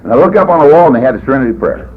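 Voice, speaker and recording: Captured on tinny, phone-like 1980s tape with a faint hiss, a man from California shares his story at a recovery meeting in a meeting hall. He rambles in a folksy way, peppering in "boy" and "you know," racing along in a mid-range voice with big pitch swings.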